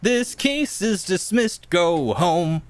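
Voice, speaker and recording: A man's voice: high-pitched, lively intonation, slow. A man reading lines in a playful comedy table read of an old radio play.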